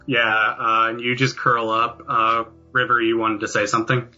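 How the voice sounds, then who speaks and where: A man narrating as game master for a tabletop game, halting with many ums and uhs. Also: mid-range voice, flat delivery, bright, forceful tone. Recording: dull lo-fi audio with faint music.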